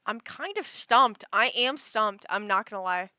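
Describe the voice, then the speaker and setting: A woman's voice: medium pitch, animated, a little slow, bright, forceful tone, no echo. A young woman livestreaming, chatting casually in a rambling way, full of fillers and restarts. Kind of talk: casual chat.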